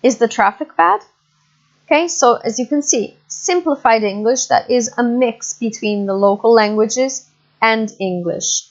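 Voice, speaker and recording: A woman giving an online English lecture, explaining slowly with many fillers and frequent checks for understanding. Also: on the high side. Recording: muffled lo-fi recording.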